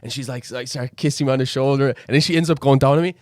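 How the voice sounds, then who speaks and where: A man's voice: medium pitch, fairly even intonation, fast, no echo, studio quality. A young man telling a crude anecdote as a podcast guest, swearing freely in casual chat.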